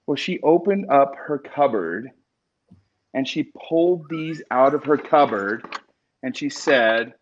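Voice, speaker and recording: A man's voice: mid-range voice, lively intonation, measured pace, a little hiss or hum. A man hosting a live stream in casual chat, talking to his viewers in an emotional, chatty way. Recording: dull lo-fi stream audio.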